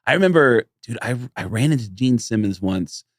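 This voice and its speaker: Animated male comedian telling stories. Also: mid-range voice, normal speed, no echo, studio quality. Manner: animated, acts out voices in stories. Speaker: comedian and podcast host. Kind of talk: casual storytelling chat.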